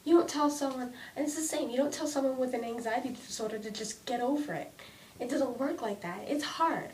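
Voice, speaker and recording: A young woman vlogging an emotional rant about her own anxiety, halting and restarting often as she speaks. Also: darkish tone. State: anxious. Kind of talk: emotional personal vlog rant. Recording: distant mic with faint rumble.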